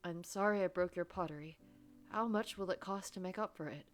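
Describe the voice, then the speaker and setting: A woman's voice: a little fast, faint music behind, natural voice. A woman reading a guilty, withdrawn young man. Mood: subdued. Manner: subdued, low first-person inner monologue.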